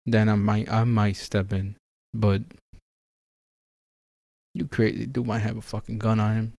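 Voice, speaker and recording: A man's voice: lowish voice, level tone, unhurried, vocal fry, a little mellow, no room sound. A young man from the Bronx, asking wry questions and swearing in casual podcast chat. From the Bronx, New York.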